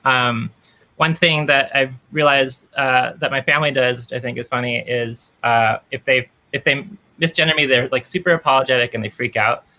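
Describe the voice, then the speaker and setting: A woman's voice: a bass voice, steady tone, normal speed, bright, forceful tone. A woman performing a stand-up set over a video call, dry and self-deprecating, acting out quoted lines. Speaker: stand-up comedian.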